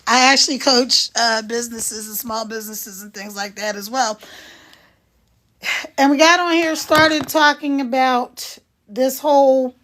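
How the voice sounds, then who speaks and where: A high-pitched woman in her sixties talks casually to her live-stream viewers. She is frank and chatty, greeting people by name and answering their comments directly. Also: a little slow, fairly bright tone. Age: 60s.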